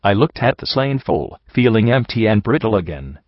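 A man narrates a first-person story in a low, even voice. The sound is dry and a little dull, like a simple home setup. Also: normal speed, no echo. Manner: steady, plain narration with light voicing for dialogue. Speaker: audiobook reader. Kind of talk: fan fiction read aloud as a first-person audiobook.

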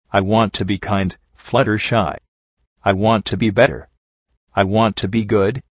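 A man's voice: lowish voice, no room sound. A man reading first-person story narration in a brooding, introspective manner. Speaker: audiobook reader. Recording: dry, dull lo-fi sound.

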